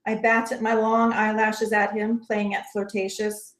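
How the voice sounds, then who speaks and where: A woman author reading her first-person novel aloud in soft, measured narration. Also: on the high side, steady tone. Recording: roomy echo.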